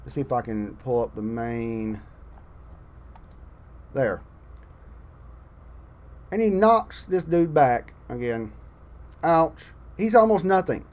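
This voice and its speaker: A man ranting about a film in casual online commentary, swearing often and swinging between loud outbursts and muttered asides. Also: mid-range voice, slow pace, pauses often. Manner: profane, exasperated ranting; animated, swings loud and soft. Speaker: channel host.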